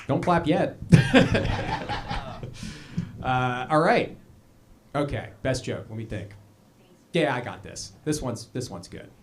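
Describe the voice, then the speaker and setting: A young man hosting a live comedy show, telling a stand-up bit on stage with an animated delivery and quick put-on voices. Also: medium pitch, slight background noise. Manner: animated, puts on voices for quoted people.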